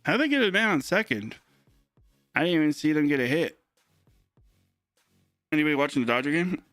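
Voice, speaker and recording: A man's voice: a little high, lively intonation, fairly quick, a bit bright, no room sound, studio quality, faint music behind. Young man rambling through a story. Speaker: sports card breaker. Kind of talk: casual chat on a live stream.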